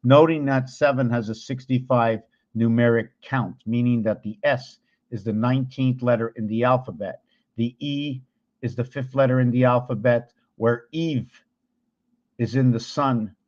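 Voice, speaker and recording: A man explains number patterns at a mid pitch, thinking aloud as he works. He counts, pauses and corrects himself along the way. The recording is dull and lo-fi. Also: steady tone, darkish tone. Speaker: video host.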